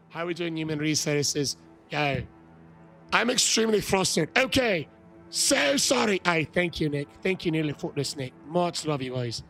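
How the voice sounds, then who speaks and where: Creaky high-voiced excitable male streamer. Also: moderate pace, soft background music. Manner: excitable, shouts greetings to chat, swears. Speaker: game streamer. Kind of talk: live-stream chat while gaming.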